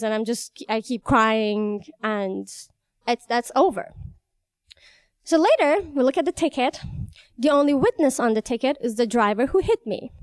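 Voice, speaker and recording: Young woman w/ telling her story, wry n lively, laughs here n there, high voice, smooth, dry close mic. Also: no echo. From Iran. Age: young adult. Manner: animated, wry, laughs between lines. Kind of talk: personal story told on stage.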